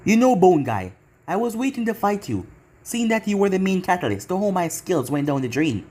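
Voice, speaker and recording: A fan narrator voicing a brash young male ninja who taunts and swears at his enemy, in an even, middle-pitched voice. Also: a little fast. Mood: taunting.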